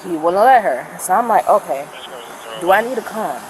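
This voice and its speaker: An outdoor body cam recording with clear street noise picks up a woman's mid-pitched voice. As a friend of the victim, she retells a phone call to police in an animated way, acting out each quote. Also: normal speed.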